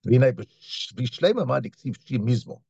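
A man's voice: medium pitch, very animated, unhurried, vocal fry, darkish tone, breathy edge, dry recording, lo-fi sound. A man teaching a Torah class, reading Hebrew phrases and explaining them in English, often repeating words as he searches for the next one. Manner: reads Hebrew lines then translates, with repetitions and restarts.

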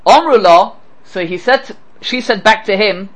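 A man's voice: high voice, normal speed, fairly bright tone, low-quality recording. A man teaching a scripture class who asks rhetorical questions and quotes Hebrew verses before translating them. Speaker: Torah teacher. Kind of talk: lecture on scripture.

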